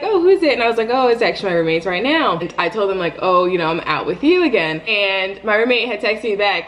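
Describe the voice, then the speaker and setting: A young woman in her twenties telling a storytime while doing her makeup, chatty and animated. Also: fairly low pitch, a little hiss or hum. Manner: chatty, animated, rambling retelling. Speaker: beauty vlogger. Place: home, getting ready.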